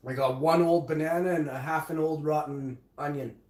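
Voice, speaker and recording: A man's voice: on the high side, steady tone, normal speed, a little mellow. A man live streaming from his home kitchen, swearing heavily in an indignant casual rant. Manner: profane, ranting, indignant. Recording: roomy echoey room sound.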